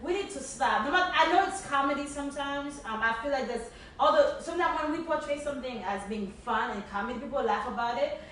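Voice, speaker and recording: A Haitian-accented woman with a somewhat high voice co-hosts a casual podcast, earnest and thinking aloud, often stumbling over and repeating words. She sounds set back from the mic in a heavily echoing room, with a little background hiss. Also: fast talker, fairly bright tone. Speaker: podcast co-host. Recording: echoey room, distant mic.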